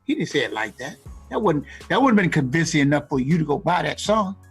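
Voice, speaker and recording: A man with a slightly husky, somewhat high voice co-hosts a radio live stream, explaining how artists should sound in the studio. His talk is casual and animated. Faint music plays underneath. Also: fairly quick. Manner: animated, acts out rap lines and ad-libs. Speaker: co-host giving music industry advice.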